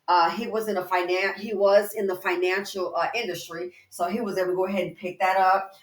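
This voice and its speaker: Working out indoors as she records, this commentary-channel host speaks fairly quickly in a medium-pitched voice. Her casual talk is lively and emphatic, full of "girl" and "baby" aimed at the viewer, and the room has a noticeable echo.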